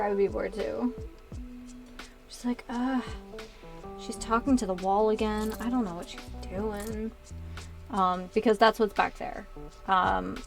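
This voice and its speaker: A woman's voice: medium pitch, vocal fry. A woman in her thirties chatting casually while building Lego on a stream, rambling through many asides from a small converted closet. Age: 30s.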